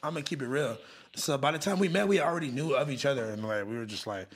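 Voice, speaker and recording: A man's voice: mid-range voice, fast, husky. A young man from the Los Angeles area, co-hosting a podcast in casual, profane, slang-heavy chat. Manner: profane, slangy, laid-back storytelling. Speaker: podcast co-host.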